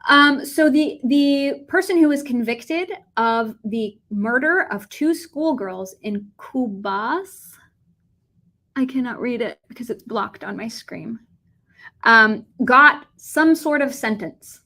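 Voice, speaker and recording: A young American woman with a lively, animated delivery, teaching a Russian vocabulary lesson and switching between English and Russian. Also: a little high, slow. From United States.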